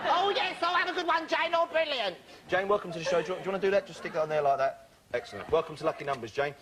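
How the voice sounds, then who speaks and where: A man's voice: high-pitched, expressive, very fast, crowd noise. A man hosting a television game show, joking and bantering energetically with contestants. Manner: exuberant, jokey banter with contestants. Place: television studio with live audience. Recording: loud studio audience and noise.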